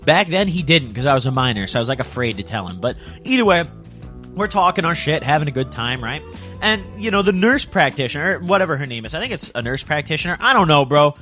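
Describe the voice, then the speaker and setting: A man's voice: fairly high pitch, expressive, quick pace, pushed and bright, soft background music. A young man telling a comic story in a casual, slangy way, tagging lines with "bro" and "dude".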